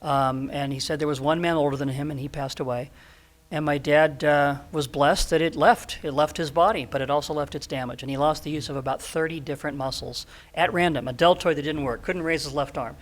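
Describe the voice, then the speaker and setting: A man in his sixties, a podcast guest, telling stories in an earnest, animated way with frequent restarts. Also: fairly high pitch, brisk. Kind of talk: storytelling in an interview.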